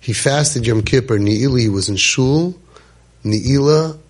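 A man, telling a personal story with animated repetition and Yiddish words. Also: medium pitch, measured pace, slightly rough. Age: 50s. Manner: animated, repeats phrases for emphasis, sprinkles Yiddish words.

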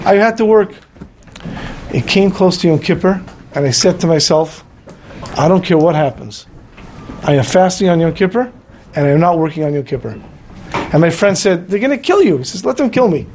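Man, high voice, storytelling sermon, acts out characters, faint noise behind. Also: normal speed, long pauses. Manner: lively storyteller acting out voices. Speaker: rabbi. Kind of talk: storytelling Torah class.

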